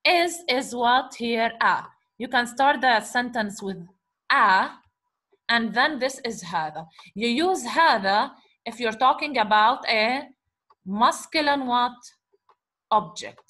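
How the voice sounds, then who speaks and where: A woman teaching a grammar lesson, explaining slowly, repeating examples and asking the class rhetorical questions. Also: on the high side, animated, a bit bright. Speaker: Arabic teacher.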